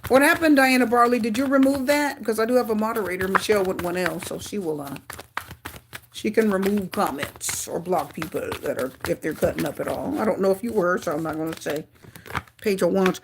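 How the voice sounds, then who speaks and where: A woman giving a live tarot reading to her viewers, talking in an excitable way with frequent exclamations. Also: medium pitch, a little fast, background noise. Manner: excitable, gasping and exclaiming at cards. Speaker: tarot reader.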